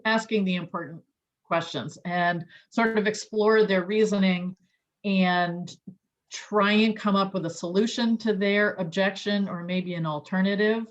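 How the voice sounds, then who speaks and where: A woman trainer explaining sales skills in a chatty, loose way with many fillers and restarts. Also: mid-range voice. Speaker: real estate trainer. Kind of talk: online training talk. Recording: dull lo-fi audio.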